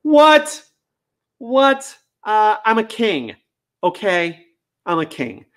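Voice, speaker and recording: A man voicing a pet dog in a high, exaggerated, comic voice. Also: very animated, extremely slow, fairly bright tone, heavily acted. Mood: indignant. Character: eager, anxious pet dog, voiced playfully.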